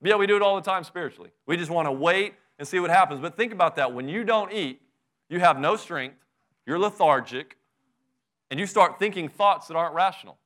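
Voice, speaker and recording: A middle-aged man preaching a sermon, his voice bright and forceful and a little higher than most men's. He talks to the congregation conversationally, firing off rhetorical questions and pressing his points with fervor. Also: brisk. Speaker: pastor.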